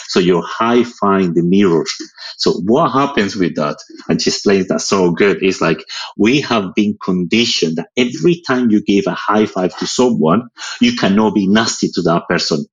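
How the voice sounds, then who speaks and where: A man's voice: sits low, husky, highs cut off. A male photographer chatting as a guest on a live audio show, speaking expressively and leaning often on "it's like". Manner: expressive, with many filler "it's like" phrases. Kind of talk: casual conversation on a live audio chat. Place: lives in England.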